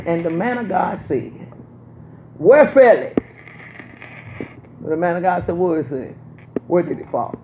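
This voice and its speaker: A man preaching a sermon, emphatic and repetitive, swinging from loud to hushed. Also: sits high, a little hiss or hum. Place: church sanctuary. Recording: roomy, dull sound with faint ambience.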